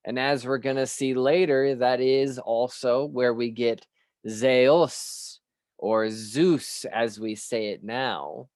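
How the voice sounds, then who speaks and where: Guy slowly musing through a spiritual studies talk, clears his throat, dry close sound. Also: mid-range voice, steady tone, a little mellow, no room sound. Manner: measured and musing, with frequent pauses and rhetorical questions. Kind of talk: unscripted reflective lecture.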